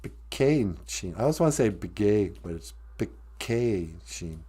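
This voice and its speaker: A man hosting a comedic podcast, talking in a dry, deadpan way and explaining words of the day. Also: fairly low pitch, measured pace, breathy edge. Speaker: podcast host and language teacher.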